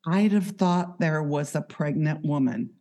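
A woman who works as an on-call hospice healthcare professional, speaking in a measured, reflective way and telling stories from her work. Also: low-pitched, animated, warm tone. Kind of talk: conversational storytelling.

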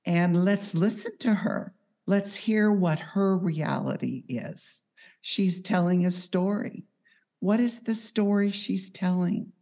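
A woman with a notably low voice talks slowly and deliberately. She works as an on-call hospice healthcare professional and tells stories from her work in a measured, reflective way. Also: dark tone. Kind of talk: conversational storytelling.

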